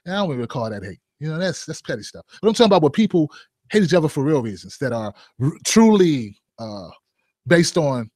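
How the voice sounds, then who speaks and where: A man's voice: mid-range voice, darkish tone, no room sound, studio quality. A man hosting a commentary show, joking and firing rhetorical questions and asides at his viewers. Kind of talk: opinion commentary vlog.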